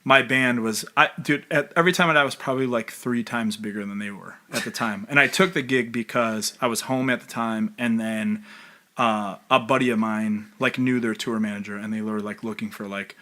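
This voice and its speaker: Bright-voiced man telling rambling stories. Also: on the low side, fairly even intonation, normal speed. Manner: rambling storyteller, many fillers, swearing. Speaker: podcast co-host. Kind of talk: casual chat.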